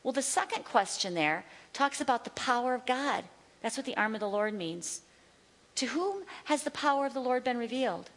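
A woman's voice: on the high side, animated, moderate pace. A woman teaching a sermon in an emphatic way, repeating her key phrases. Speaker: Bible teacher. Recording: long hall reverb.

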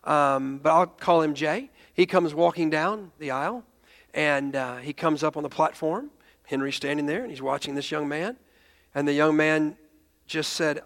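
A man's voice: a little high, normal speed, a bit bright, in a large hall. A male pastor telling a story in a sermon, emotional, often restarting his sentences and raising his voice when he quotes others.

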